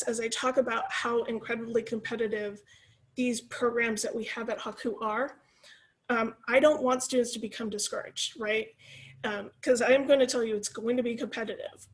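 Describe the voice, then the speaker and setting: A woman from California in her forties, giving a lively, encouraging talk to students over a video call. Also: on the high side. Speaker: guest speaker. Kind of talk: presentation to students.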